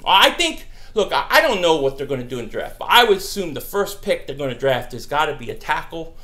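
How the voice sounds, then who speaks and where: A young man hosting a casual live-stream Q&A, answering viewer questions about football in a brash, animated way. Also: on the high side, brisk. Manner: animated, brash, mocks trolls.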